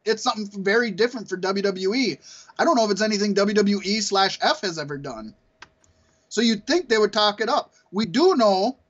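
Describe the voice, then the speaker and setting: Guy co-hosting a podcast, pretty high voice, rambles a lot and cusses, laughs easy. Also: fairly bright tone, muffled recording. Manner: rambling, profane, laughs often. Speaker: podcast co-host. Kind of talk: casual chat.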